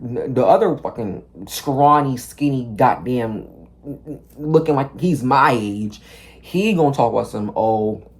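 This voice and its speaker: A man's voice: medium pitch, unhurried. Rambling young man telling a storytime. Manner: rambling, heavy use of "like", profane slang; animated storytelling, acting out officers and himself. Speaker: vlogger. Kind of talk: storytime monologue.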